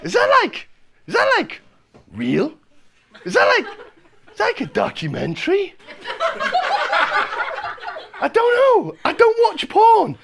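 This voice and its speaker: A man's voice: very high-pitched, huge pitch swings, takes it slowly, vocal fry, pauses often, a bit bright, a little hiss or hum, voice pushed up, full character voice. A man voicing a crude, swaggering American bus passenger who swears constantly.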